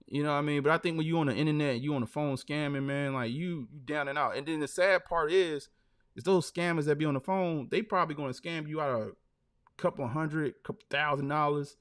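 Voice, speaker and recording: A man's voice: on the high side, brisk, a bit bright, smooth. A man hosting a live stream, telling stories loosely and dropping "man" and "like" between phrases. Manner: loose, storytelling, lots of fillers like "man". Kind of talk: casual live-stream chat.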